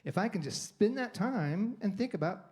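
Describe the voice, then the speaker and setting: Man, guest speaker at a church service, slightly high voice, casual rambling delivery. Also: animated, normal speed, darkish tone. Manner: conversational, rambling with restarts and acted inner monologue. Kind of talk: sermon talk. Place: church sanctuary.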